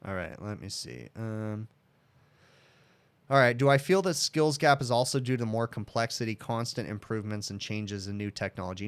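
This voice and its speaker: A man's voice: on the low side, moderate pace, clear, resonant tone. Frank, chatty man in his thirties. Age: 30s. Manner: frank, chatty, addresses viewers as dude and bud. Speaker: HVAC technician hosting a Q and A livestream. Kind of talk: casual livestream Q and A.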